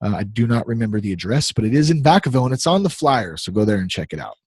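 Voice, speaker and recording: A man's voice: lowish voice, big pitch swings, fast talker, darkish tone, husky, no echo. A man in his thirties hosting a podcast, talking casually in a rambling, easily distracted, playful way. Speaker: podcast host.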